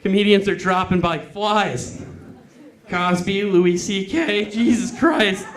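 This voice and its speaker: A man working a stand-up comedy set into a stage mic, profane and punchy, snapping in and out of quick caller voices. The sound is roomy and echoey, with a crowd laughing loudly around him. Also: high voice. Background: audience laughing.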